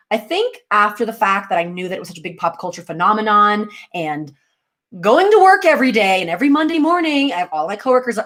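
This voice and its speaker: A woman's voice: medium pitch, brisk. Chatty young woman hosting a livestream. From United States. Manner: chatty, animated, laughs often. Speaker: livestream host. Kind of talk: casual livestream chat with viewers.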